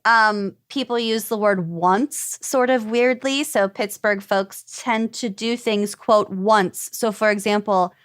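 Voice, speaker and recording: A woman's voice: mid-range voice, slow, few pauses, smooth. A woman co-hosting a casual podcast, playfully explaining regional slang words and acting out examples. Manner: playful, reads out regional vocab words and mimics them. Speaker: podcast co-host. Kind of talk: casual chat.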